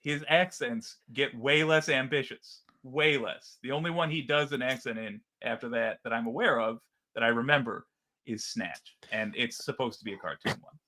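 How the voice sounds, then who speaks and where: A man's voice: mid-range voice, moderate pace, pushed and bright. A man co-hosting a casual podcast chat, rambling and arguing his points while acting out quotes. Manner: rambling, argumentative, acts out quotes. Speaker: podcast co-host.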